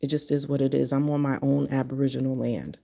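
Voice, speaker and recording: A woman's voice: very deep voice, little pitch movement, fast, gravelly, warm tone. A woman in her fifties from Connecticut, talking bluntly and profanely in a casual monologue to camera. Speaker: vlogger.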